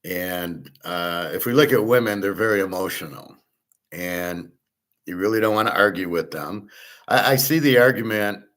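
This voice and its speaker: Rambling deep-voiced man. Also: normal speed, fairly bright tone. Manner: loose and digressive, with frequent restarts and filler words. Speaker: host. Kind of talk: rambling casual monologue.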